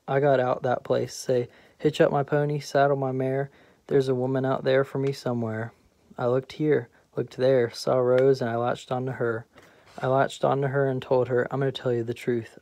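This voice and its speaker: A man's voice: mid-range voice, mellow, dry recording, natural voice. A man voicing a brash, boastful middle-aged man who teases and tells tall stories, in a play audiobook. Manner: swaggering, teasing, storytelling. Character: Troy, brash boastful middle-aged male garbage collector.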